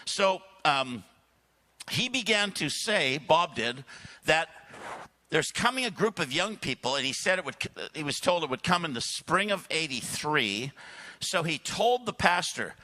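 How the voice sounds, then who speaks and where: A man tells a long church story, his fairly high voice leaping up and down with animation. His tone is bright and forceful, and he keeps stopping to clear his throat between anecdotes. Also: sing-song, a little slow. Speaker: guest speaker. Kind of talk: sermon storytelling.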